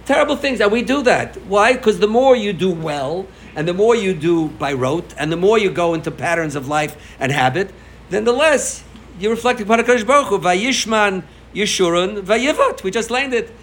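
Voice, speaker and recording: Guy rabbi preaching casual, voice kinda high and jumping all over, faint noise behind. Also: moderate pace, poor audio. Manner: animated storytelling, swings between loud emphasis and soft asides. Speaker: rabbi giving a farbrengen talk. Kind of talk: informal sermon to a congregation.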